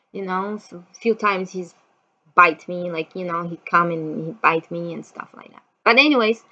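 A woman casually telling a childhood story as a vlogger, animated, laughing often and acting out quotes in a higher voice. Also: highs cut off.

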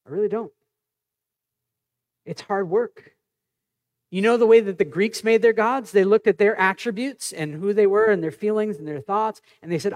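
High-voiced man preaching animatedly. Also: moderate pace. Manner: animated, conversational preaching with personal stories. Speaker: pastor. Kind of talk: sermon.

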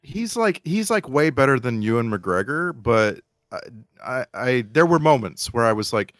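A man's voice: mid-range voice, very animated, normal speed, fairly bright tone, no room sound, studio quality. A man co-hosting a casual film podcast, talking in a hesitant, apologetic way. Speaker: podcast co-host. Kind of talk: casual chat.

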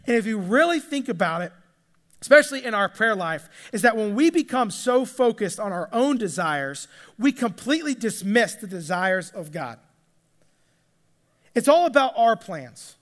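A man with a very high voice preaches in an easy, chatty way, stumbling and repeating words as he goes. The sound carries a long hall reverb. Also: very animated, moderate pace, fairly bright tone. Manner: conversational, repeats words when restarting. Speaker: pastor. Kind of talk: sermon.

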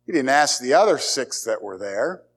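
A man's voice: medium pitch, big pitch swings, normal speed, slightly rough. A man preaching a sermon as pastor, emphatic, repeating key words and asking the congregation rhetorical questions.

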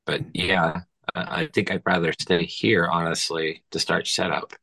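A man's voice: deep voice, flat delivery, measured pace, creaky, pushed and bright, breathy edge, dry recording. A man playing a tabletop game who talks hesitantly with small restarts. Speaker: player.

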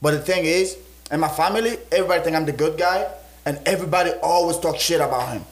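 A young adult man telling stories in casual podcast chat, excitable and profane, acting out what people said. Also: fairly high pitch, fast talker. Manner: excitable, profane slang, acts out quotes. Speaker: podcast co-host. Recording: echoey room.

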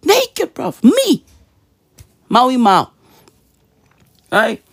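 A woman's voice: on the high side, sing-song, unhurried, slightly rough, no room sound, studio quality. A woman vlogger in a profane, slangy comedic rant, mimicking sounds as she goes.

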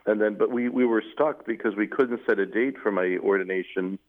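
A middle-aged man, a newly appointed Catholic bishop, telling his story at length in a measured way, with fillers. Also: fairly low pitch. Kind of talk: interview storytelling. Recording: tinny phone-like radio audio.

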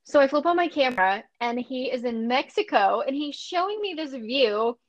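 A woman in her thirties from Western Nebraska co-hosts a podcast, swapping stories in casual chat with plenty of giggles. She tells them in an animated way, and her voice is high-pitched at a normal speed.

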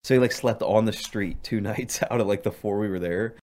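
A man's voice: lowish voice, a little fast, darkish tone, slight background noise. A young man telling rambling stories in casual chat with friends, full of fillers and laughs. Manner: rambling storyteller, lots of "like", laughs often.

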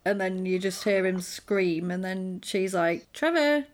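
A woman, co-hosting a podcast and recapping a film in a casual chat, animated and acting out quotes. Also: lowish voice, measured pace. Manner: animated storyteller, acts out quotes.

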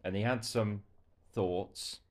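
Man, lowish voice, from England, podcast host, casual football chat, self-mocking, laughs a lot. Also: steady tone, takes it slowly, a little mellow.

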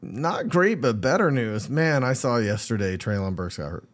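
A man's voice: medium pitch, lively intonation, normal speed. Wry man in podcast chat. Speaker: podcast co-host. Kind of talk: casual chat.

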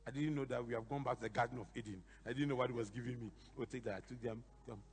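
A bishop preaching a sermon, telling animated stories with sudden shouted emphasis. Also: male voice, medium pitch, very fast, long reverb tail.

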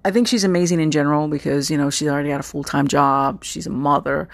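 Talking alone on his casual podcast, this host from Texas wanders from point to point, leaning on fillers and poking fun at himself. The voice is medium-pitched, fast and creaky, in a dry recording.

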